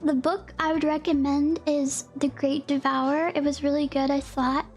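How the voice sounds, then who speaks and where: A woman's voice: sits high, flat delivery, moderate pace, soft background music. A young woman streaming from home, chatting casually with her chat in a bubbly way, gasping, giggling and greeting everyone with a howdy. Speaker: livestreamer. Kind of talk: casual livestream chat, reading chat.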